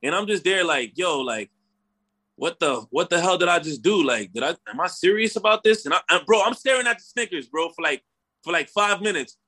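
A young man telling a story in casual chat, animated and slangy, swearing and tagging lines with "bro" and "right?". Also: high-pitched, a little fast.

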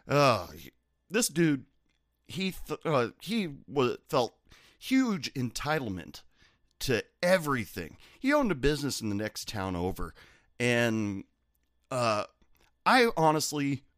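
Male bartender-storyteller, lively swinging pitch, dry close mic, profane and sardonic. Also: dry recording. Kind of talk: casual storytelling.

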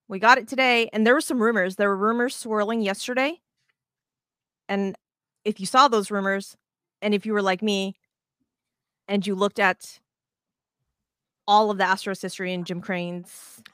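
A woman co-hosting a casual baseball podcast, talking in an animated, rambling way with restarts and plenty of swearing. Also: medium pitch, clear, resonant tone, no echo, clean studio sound. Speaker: podcast co-host.

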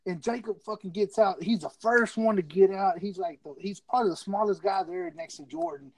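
A man's voice: high voice, fairly quick, no echo. A man eagerly recounting a story in casual chat, swearing and tossing in "dude" often. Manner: excited, profane, says "dude" a lot. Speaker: guest.

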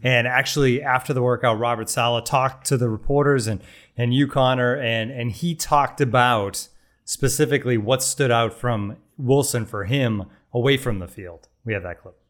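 A man's voice: medium pitch, moderate pace, a bit bright. A man hosting a casual sports talk show, steering the conversation and setting up clips. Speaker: show host.

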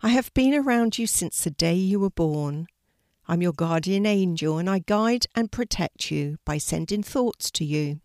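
A woman voicing a gentle female guardian angel who speaks softly and patiently in a storybook reading. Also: lowish voice, expressive, unhurried, no echo, studio quality. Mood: reassuring. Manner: soft, patient, advising.

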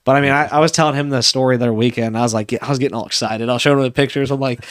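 A podcast co-host in his thirties tells a story in casual conversation, animatedly acting out the voices of the people he quotes. He talks rapid-fire at medium pitch.

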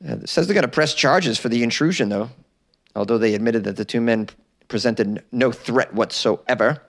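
An American man with a mid-range voice hosts a comedy news podcast at a moderate pace, recorded in a small closet. He reads odd stories, throws in sarcastic asides, and laughs at his own jokes.

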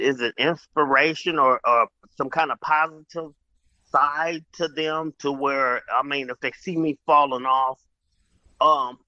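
A man's voice: fairly high pitch, pushed and bright, dry recording. A man talking emphatically in a casual group discussion, repeating words and swearing casually. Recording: muffled lo-fi sound.

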